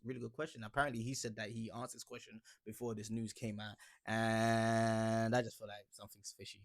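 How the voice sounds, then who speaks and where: A man's voice: mid-range voice, moderate pace, fairly bright tone. A man vlogging about football in a laid-back, joking way, rambling with slang and fillers. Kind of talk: casual reaction vlog.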